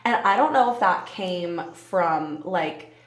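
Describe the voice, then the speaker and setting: A woman's voice: fairly low pitch, animated, slow pace, reverberant. A young woman in her twenties hosting a casual solo podcast, candid and swearing freely, often breaking into laughter. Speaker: podcast host.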